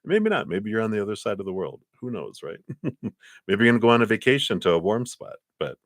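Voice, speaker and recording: A man giving live tarot readings in a gentle, meandering way, with many fillers and soft laughs. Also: lowish voice, sing-song, brisk, no echo, clean studio sound. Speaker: tarot card reader.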